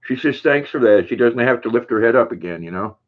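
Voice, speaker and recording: An older man hosts a casual livestream, chatting easily, reading viewer comments aloud and cooing to his dog. His mid-range voice is animated and he talks fast, and the sound is tinny, like a phone.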